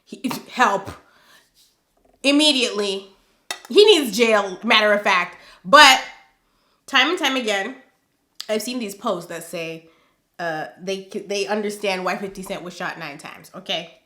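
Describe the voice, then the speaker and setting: A woman's voice: medium pitch, unhurried, pauses often, pushed and bright, roomy sound. A woman hosting a casual gossip commentary, sassy and emphatic, driving her points home with a pointed "okay?". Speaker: commentary channel host.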